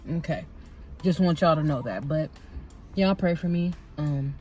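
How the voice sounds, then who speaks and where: A woman's voice: low voice, unhurried, darkish tone, soft background music. Fired-up woman venting in a vlog. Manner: heated, profane storytelling, addresses viewers as y'all. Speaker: vlogger.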